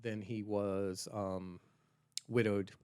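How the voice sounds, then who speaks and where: A man co-hosting a podcast, wryly and irreverently retelling a dark story in casual chat. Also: fairly low pitch, level tone, takes it slowly, clear, resonant tone. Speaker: podcast co-host.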